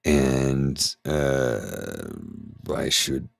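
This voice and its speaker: A middle-aged man talking candidly and haltingly through an anxiety attack, his voice trembling as he restarts his sentences. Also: a bass voice, creaky, no echo, studio quality. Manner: halting, restarts, anxious and shaky. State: anxious, trembling voice. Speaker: ASMR channel host. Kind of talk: candid personal talk.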